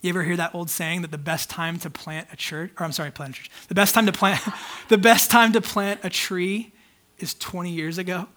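Pastor, male, high voice, preaches in a loose, candid, conversational way. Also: fairly even intonation, fairly quick, bright, forceful tone. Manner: conversational, candid, many fillers. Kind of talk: casual sermon.

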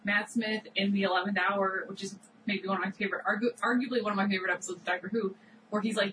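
Fast-talking woman a bit off-mic. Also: medium pitch, fairly even intonation, distant mic, noisy background. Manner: rambling, reflective talk with many fillers. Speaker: podcast co-host. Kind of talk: casual chat recapping a TV episode.

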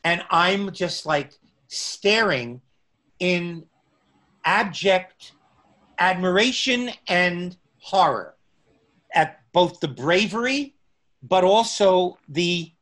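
A middle-aged man spinning a long anecdote in conversation, taking his time. His voice sits a bit high for a man, and he drawls along slowly, stopping and restarting his phrases as he thinks. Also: expressive, fairly bright tone. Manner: unhurried, pausing often, restarting phrases. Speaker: guest recounting stand-up comedy memories. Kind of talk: conversational storytelling.

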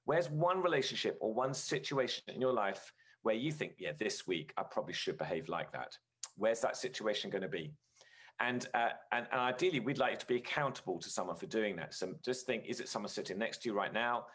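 A man's voice: on the low side, animated, fairly quick, fairly bright tone. A man giving a conversational sermon as a guest speaker, earnest and storytelling, with frequent filler words.

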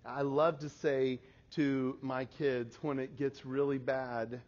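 A man's voice: mid-range voice, slow, slight background noise. Man telling a family story, muffled. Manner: animated, laughs at his own stories. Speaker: speaker. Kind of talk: storytelling talk to an audience. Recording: slightly muffled lo-fi recording.

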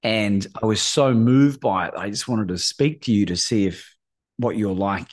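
An Australian courage coach in middle age tells a lively story as a guest in a podcast interview. His pitch sits fairly low and his pace is moderate, and he acts out the voices of the people he quotes while often asking "right?"

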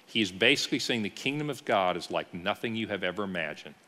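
A man, an executive pastor, teaching a church Bible class with animated storytelling and rhetorical questions. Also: on the low side, fast talker. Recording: long hall reverb.

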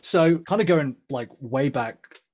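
A man's voice: medium pitch, slow, dull audio, a crowd in the background. An English man, a podcast guest and coach, chatting casually and self-deprecatingly over a video call. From England. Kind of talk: casual interview chat.

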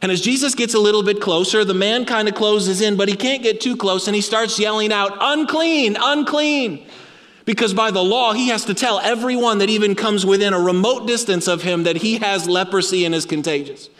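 A man preaching a sermon with dramatic storytelling, dropping low and quiet for emphasis. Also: a little fast, hardly any pauses, long reverb tail.

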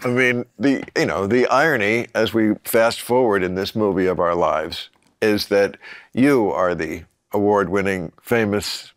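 A man's voice: fairly low pitch, unhurried, clear, resonant tone, no room sound. A man in his sixties hosting a casual chat, dry and teasing. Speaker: host.

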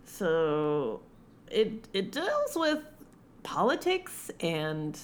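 A woman's voice: on the low side, wildly swooping pitch, extremely slow. A woman co-hosting a podcast, chatting casually and animatedly about a film, swearing now and then. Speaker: podcast co-host reviewing a film. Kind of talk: casual chat.

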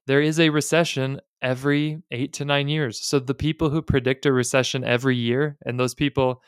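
A man's voice: mid-range voice, steady tone, normal speed, smooth, no room sound, clean studio sound. A man in his thirties hosting a podcast, talking in a candid, chatty and plainspoken way with casual asides. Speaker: podcast host. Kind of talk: casual finance podcast talk.

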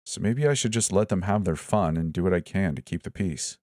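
A man narrating a first-person horror story with a steady, even reading. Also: low-pitched, fairly quick, no echo, clean studio sound.

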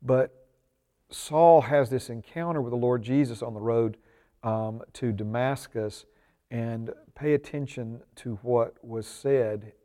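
A man leading a church Bible study, his voice dark and mellow, pitched in an ordinary middle range. He teaches earnestly, peppering his talk with ums and uhs, and swells with emphasis when he reads scripture aloud. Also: takes it slowly. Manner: prays aloud. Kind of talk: church discipleship class teaching.

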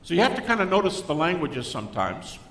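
Animated older man lecturing in an echoey hall. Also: fast talker. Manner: animated storyteller who acts out quoted people. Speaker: guest speaker. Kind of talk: Christian apologetics lecture to a live audience. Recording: echoey hall with faint rumble.

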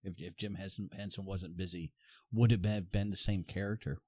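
A man in casual chat with a friend, halting and thinking aloud as he talks. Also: low-pitched, fairly even intonation, warm tone, no room sound.

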